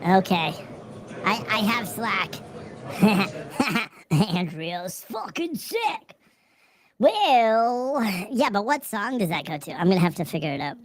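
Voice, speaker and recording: A woman's voice: mid-range voice, big pitch swings, slow pace, long pauses. Profane, chatty young woman livestreaming. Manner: profane, chatty, laughs often. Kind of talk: casual livestream chat.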